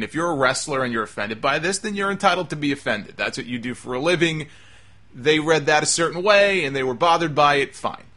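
A man's voice: fairly high pitch, bright, forceful tone. A man hosting a talk show, delivering an emphatic, exasperated opinion monologue. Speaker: wrestling talk show host.

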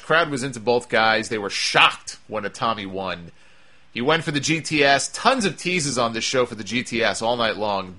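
A man's voice: mid-range voice, pushed and bright. A man giving a casual, chatty recap of a wrestling show, with wry asides and frequent fillers.

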